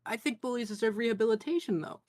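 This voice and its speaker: A man's voice: sits high, fast talker, a crowd in the background. A man playing a tabletop game who speaks in character in a hesitant, earnest way. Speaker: player. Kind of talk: in-character tabletop role-play.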